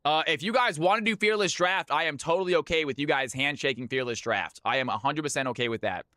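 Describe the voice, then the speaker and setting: A man's voice: a little high, fast talker, sharp tone, no echo, studio quality. A man hosting and casting a live game stream, chatty and hyped, laughing often as he talks to viewers. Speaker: stream host and caster. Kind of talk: casual live-stream chat.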